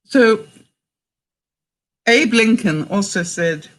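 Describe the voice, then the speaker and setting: A woman's voice: on the low side, animated, a little slow, slightly rough. An older, retired woman from Canada chatting to her viewers, telling stories and reading sayings, often breaking into laughter. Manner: chatty storyteller who laughs often between sentences; reads out sayings and quotes. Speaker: vlogger. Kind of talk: casual chat to viewers.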